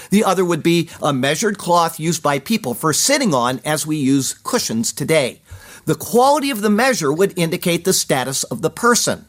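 A man preaching a verse-by-verse sermon, explaining words and reading Hebrew aloud slowly. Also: a little high, fairly bright tone. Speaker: pastor.

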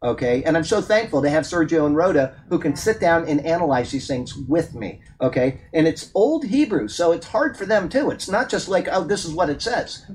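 A man with a somewhat high voice leads a Bible study, moving between reading a passage aloud and chatting about it with plenty of fillers. He turns firm and emphatic when he stresses doctrine. A faint hiss runs underneath. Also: low-quality recording. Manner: conversational, reads a text then digresses with fillers. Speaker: Bible teacher.

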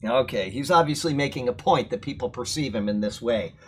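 A man's voice: medium pitch, animated, a little fast, a bit bright, slightly rough. A man leading a Bible study, reading verses aloud and explaining them point by point.

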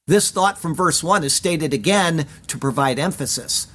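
A man with a slightly higher voice gives an earnest, emphatic verse-by-verse Bible commentary. He reads out Hebrew phrases and stresses them as he explains the text. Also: moderate pace, hardly any pauses, fairly bright tone. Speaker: Bible teacher.

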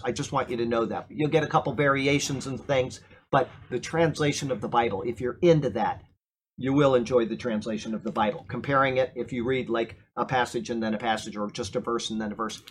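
A man's voice: medium pitch, brisk, slight background noise. A middle-aged man, a pastor, teaching a Bible class in a church and checking with the room as he goes. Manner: emphatic, asks the class "okay?" often.

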